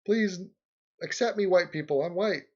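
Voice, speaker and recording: A man's voice: high-pitched, moderate pace, dull audio, pitched above the performer's own voice. A man putting on an exaggerated, whiny voice of a man begging to be accepted, in a mocking tone. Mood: mock pleading. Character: mock pleading man, exaggerated whiny plea.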